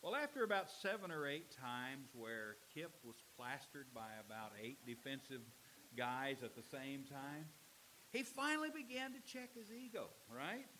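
A man's voice: mid-range voice, big pitch swings, a little slow, sharp tone, a little hiss or hum, poor audio. A man preaching a sermon as pastor, telling stories and building to emphatic warnings. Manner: storytelling preacher, rising to emphatic exhortation.

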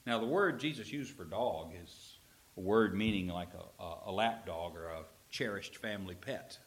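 A man preaching a sermon as pastor, telling a story with animated swings from loud emphasis to a near whisper. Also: low-pitched, normal speed.

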